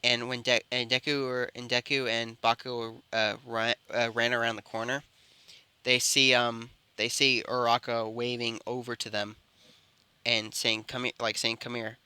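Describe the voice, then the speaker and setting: A man improvising a story out loud, rambling and correcting himself mid-sentence. His voice is very bright and crisp. It is recorded close with a dry sound. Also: medium pitch, level tone, moderate pace, no echo. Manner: rambling, with frequent self-corrections. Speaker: storyteller and channel host. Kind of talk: improvised fan-fiction storytelling.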